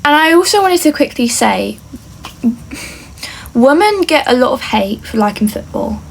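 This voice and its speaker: A young English woman speaks earnestly to camera in a casual get-to-know-me vlog, her high-pitched, creaky voice taking big pitch swings at a measured pace. She's chatty and keeps saying "like" and "obviously," with a little hiss or hum audible.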